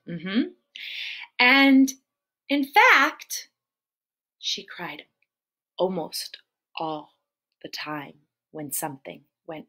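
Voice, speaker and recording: A woman children's entertainer telling a story to preschoolers in an animated, sing-song way and asking the kids questions. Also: on the low side. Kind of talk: preschool storytelling live stream.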